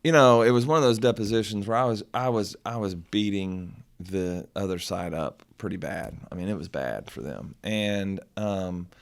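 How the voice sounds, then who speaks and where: A middle-aged man, a lawyer co-hosting a podcast, telling a story in casual chat with many restarts and loud bursts when he quotes. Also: sits low, normal speed, creaky, few pauses.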